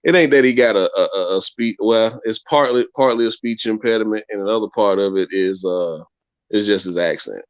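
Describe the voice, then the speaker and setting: Low-voiced man in laid-back sports chat. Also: a little fast, no room sound, muffled recording. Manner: laid-back, repeats and restarts phrases. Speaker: podcast co-host.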